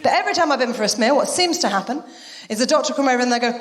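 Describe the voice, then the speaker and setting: A high-pitched, animated woman performs a live stand-up set on a theatre stage, brash and swearing, quickly acting out the people in her stories. The hall reverb is roomy, and the audience laughs along at the live venue.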